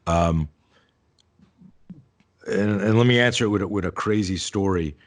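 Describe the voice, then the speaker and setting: A man in his fifties, a self-defense teacher and podcast guest, telling an animated story, acting out the dialogue and swearing freely. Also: deep voice, a little slow.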